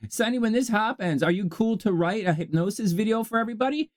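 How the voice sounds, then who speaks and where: Self-help host, male, a touch high-pitched, talks in an animated, jokey way and answers himself. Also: fast, few pauses, dry recording. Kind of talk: rambling self-help monologue.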